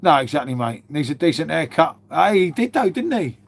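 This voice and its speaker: A man's voice: a little high, big pitch swings, brisk, creaky. A man chatting casually on a live stream, swearing freely and calling his viewers mate.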